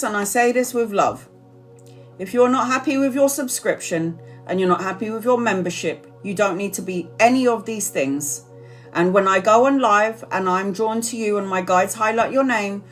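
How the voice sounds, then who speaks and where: Apologetic woman tarot reader on a live stream. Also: mid-range voice. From Brazil. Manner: apologetic, earnest, repeats herself.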